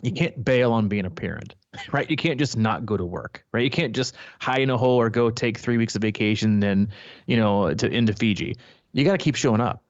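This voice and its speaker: A man's voice: mid-range voice, a little fast, no echo, lo-fi sound. A man coaching triathletes, talking in a rambling casual way with frequent restarts. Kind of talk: casual podcast chat.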